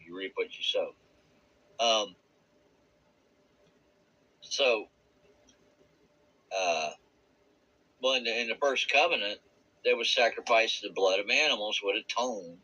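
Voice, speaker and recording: A man giving a rambling, earnest personal testimony about a spiritual experience. He searches for words and laughs softly now and then. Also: lowish voice, slightly rough, highs cut off. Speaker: vlogger sharing a spiritual experience.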